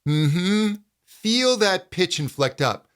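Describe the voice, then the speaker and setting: A middle-aged man teaching a voice lesson as a vocal coach, calmly explaining and demonstrating hums and pitch slides. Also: measured pace.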